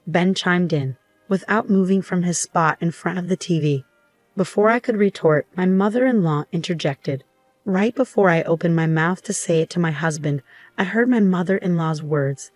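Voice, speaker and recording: Woman narrating, lowish and dry. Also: moderate pace, a little mellow, no echo, faint music behind. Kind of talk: scripted first-person storytelling.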